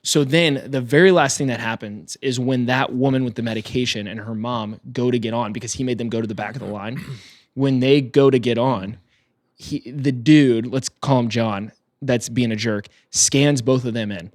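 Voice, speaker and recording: Brief: young male podcast co-host, animated casual storyteller, mid pitch, dry close mic. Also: normal speed, no room sound. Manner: animated storyteller, acts out quoted people.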